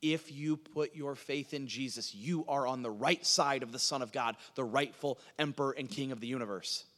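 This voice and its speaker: A pastor preaching a sermon, swinging from hushed lines to loud, urgent passages. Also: male voice, mid-range voice, normal speed, in a large hall.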